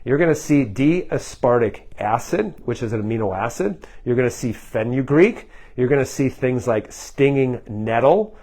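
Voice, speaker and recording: A man's voice: mid-range voice, lively intonation, moderate pace, hardly any pauses, darkish tone. A man in a mid-range voice speaks to camera like a health practitioner walking his viewers through a topic. He sounds loose and conversational. His talk is full of uhs and ums, and he keeps turning to the audience with "guys" and "okay?". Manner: conversational, many fillers, addresses viewers as "guys". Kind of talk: explainer video to camera.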